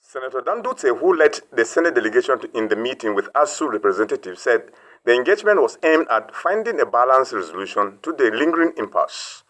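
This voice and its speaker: A man's voice: mid-range voice, very animated, brisk, a bit bright, poor audio. A man delivering a scripted news report as correspondent in a formal way.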